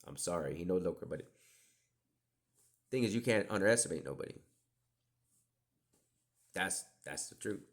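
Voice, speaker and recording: Speaking low and animated at a moderate pace with frequent pauses, a middle-aged podcast host wanders through profane, digressive stories. He often drops into whispers for asides during the monologue.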